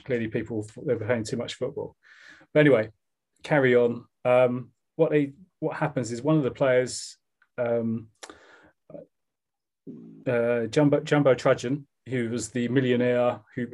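A man's voice: medium pitch, a little mellow. Rambling South East London man. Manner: rambling, with fillers and restarts. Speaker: podcast co-host. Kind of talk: casual chat.

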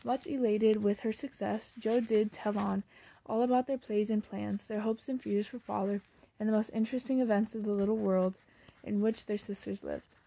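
A woman reading a classic novel aloud in plain, steady storybook narration, now and then correcting a slipped word. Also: mid-range voice, normal speed, vocal fry. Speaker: audiobook reader.

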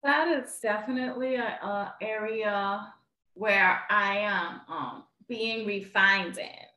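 A woman's voice: medium pitch, slow pace, pushed and bright, reverberant. A woman co-hosting a casual faith podcast, talking earnestly and animatedly with an occasional laugh. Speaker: podcast co-host.

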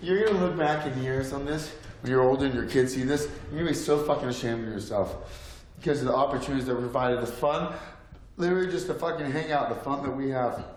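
A man's voice: medium pitch, fast talker, reverberant, slight background noise, close to an everyday voice, poor audio. An actor playing a crude, abusive male celebrity who insults his entourage in a film scene.

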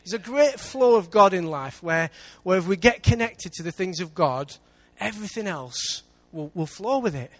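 A man with an English accent preaching a sermon in church, lively, with big swings between loud and quiet. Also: high-pitched, normal speed, few pauses. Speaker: pastor.

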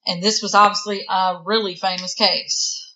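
A woman's voice: mid-range voice, steady tone, normal speed, dull audio, crowd noise. A woman co-hosting a true crime podcast, reading facts from notes and chatting, with the hiccups. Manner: reads facts aloud, with hiccups and giggles. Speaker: podcast co-host.

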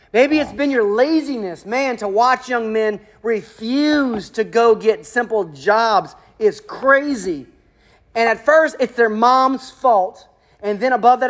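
A man's voice: extremely high pitch, fairly bright tone. A man in his thirties preaching a sermon as pastor, emphatic, asking rhetorical questions and repeating key phrases.

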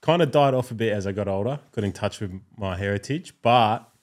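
A man hosting a podcast in a casual, laid-back chat, slangy and quick to chime in with short replies. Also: fairly low pitch, darkish tone. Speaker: podcast host.

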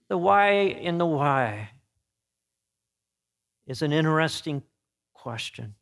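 A man preaching an earnest sermon. He swings between emphatic peaks and hushed, solemn passages, and often corrects himself mid-phrase. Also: a little high, very animated, takes it slowly, creaky, pauses often. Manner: frequent self-corrections and restarts.

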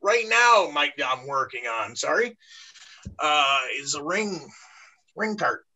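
A man's voice: a little high, lively intonation, slow, sharp tone, low-quality recording. A man being interviewed as a podcast guest, talking openly and often restarting his sentences. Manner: earnest, stammering restarts. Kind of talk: candid podcast conversation.

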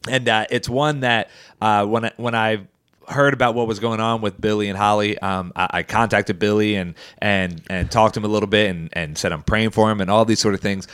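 A man's voice: on the low side, fairly even intonation, brisk, a bit bright, clean tone, dry recording, studio quality. A young man co-hosting a podcast, chatting casually, laughing often and restarting his sentences. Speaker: podcast co-host. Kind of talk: casual chat.

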